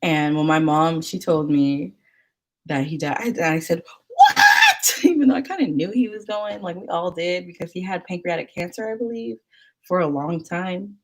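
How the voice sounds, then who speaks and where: A woman's voice: fairly low pitch, normal speed, darkish tone. A woman telling stories in casual chat, rambling and chatty with many fillers.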